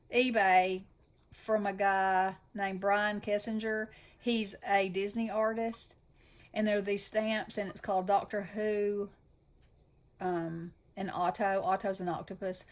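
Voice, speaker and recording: A woman with a Southern US accent chatting enthusiastically as host of a craft channel. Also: medium pitch. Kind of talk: casual chat.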